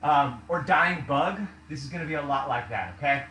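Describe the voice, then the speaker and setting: A man's voice: on the high side, moderate pace, sharp tone, roomy sound, rough recording. Breathless upbeat man coaching a workout. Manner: counts reps aloud, upbeat cues, often asks "all right?". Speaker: fitness coach. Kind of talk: guiding a workout while doing it. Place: home workout room.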